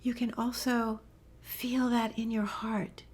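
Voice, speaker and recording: Soft-spoken woman teacher, often whispering. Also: a little high, little pitch movement, takes it slowly, a little hiss or hum. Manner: enthusiastic, storytelling. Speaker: animal communication teacher. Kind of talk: casual spoken lesson.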